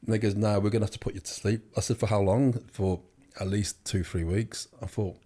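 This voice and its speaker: A man's voice: lowish voice, steady tone, fairly quick, warm tone. A young man telling his story as an interview guest, rambling with many fillers and restarts. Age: young adult. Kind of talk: casual storytelling.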